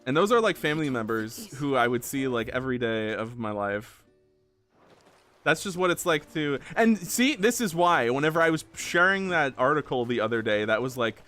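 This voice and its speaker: A man's voice: medium pitch, expressive, moderate pace, a bit bright, soft background music. Rambling, swearing male streamer. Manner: rambling, self-deprecating, swears freely. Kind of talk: casual stream chat.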